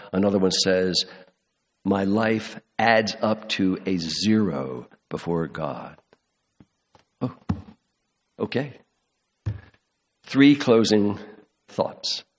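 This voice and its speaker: A man preaching a sermon, emphatic, slowing on key words and dropping soft at the ends of phrases. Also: sits low, big-room sound. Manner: emphatic, slows for stress, drops soft at ends. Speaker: pastor.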